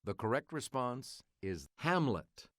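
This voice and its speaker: A male quiz host reads each clue in a measured, crisp delivery. His voice sits at a middle pitch but moves up and down a lot. He keeps things brisk as he hands the board back to the player. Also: big pitch swings, a bit bright, no room sound, clean studio sound. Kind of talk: scripted quiz hosting.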